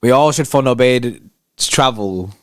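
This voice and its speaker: A man hosting a live match watchalong, excitable and slangy as he chats with viewers. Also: medium pitch, normal speed, dry recording, clean studio sound. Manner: excitable, slangy, banter with chat. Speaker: fan channel host.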